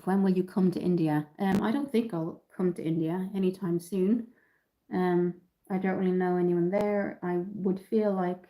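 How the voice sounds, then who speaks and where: A woman's voice: on the low side, warm tone, rough recording. Chatty Irish woman, stuffy nose. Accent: Irish, Dublin. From Ireland. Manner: chatty, reads out and answers viewer comments, many ums. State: nasal from an oncoming cold. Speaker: makeup livestream host. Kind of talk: casual live makeup tutorial.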